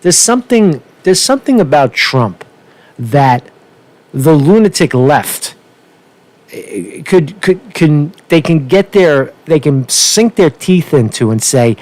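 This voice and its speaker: Swearing often and restarting his sentences, a male political vlogger delivers a casual, rambling opinion rant. His fairly high, sing-song voice runs at normal speed and sounds a little mellow.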